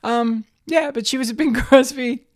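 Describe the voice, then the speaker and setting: A woman's voice: high-pitched, normal speed, a little mellow. A middle-aged woman co-hosting a comedy podcast, talking casually, bluntly and jokily, with plenty of swearing. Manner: blunt, swears freely, jokey. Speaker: podcast co-host.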